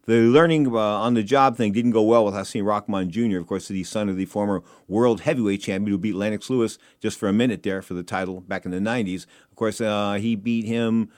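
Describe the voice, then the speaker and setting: A male show host and private investigator talking casually, excitable and rambling, often repeating himself. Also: fairly low pitch, fairly quick, few pauses, no echo, studio quality.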